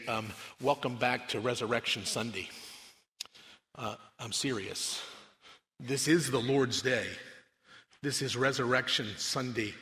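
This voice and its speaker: A man preaching a sermon as pastor in a church, talking casually to his congregation with some restarts. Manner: conversational, then reads scripture aloud louder and higher. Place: church sanctuary. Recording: long hall reverb.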